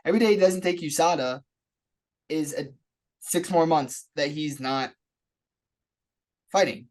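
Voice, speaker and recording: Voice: mid-range voice, measured pace, darkish tone. A podcast co-host in casual chat, upbeat and joking while plugging the show. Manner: upbeat, jokey, plugs the show.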